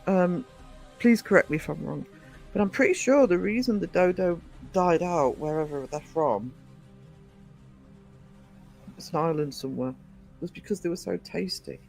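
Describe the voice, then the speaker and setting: A woman's voice: on the low side, moderate pace, gravelly, pauses often, darkish tone, soft background music, low-quality recording. A woman from northern England hosting a casual live stream, chatty, reading out the chat and laughing often. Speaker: livestream host.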